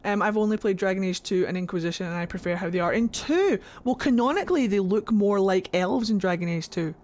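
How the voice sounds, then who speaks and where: A woman's voice: medium pitch, a little fast, darkish tone. A woman streaming a game, chatting in a goofy, rambling way to her viewers. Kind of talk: casual gameplay commentary. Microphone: desk microphone.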